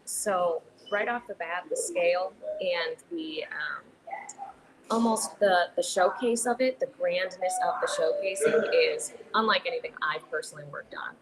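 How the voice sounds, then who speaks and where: A young woman with a slightly low voice chats easily as a podcast guest, full of fillers and quick laughs. A steady hiss of background noise sits under her voice. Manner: chatty, many fillers and restarts, laughs easily. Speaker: guest, theater director. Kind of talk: casual podcast interview.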